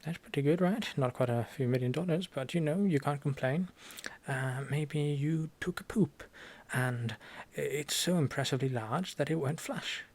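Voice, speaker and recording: A young Norwegian-accented man in a whispered role-play as a teacher, talking softly and haltingly into a close mic. His voice has a gravelly, fry-laden edge, and his jokes land deadpan. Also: on the high side. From Norway. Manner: soft-spoken, halting, deadpan joking. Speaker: ASMR creator playing a language teacher.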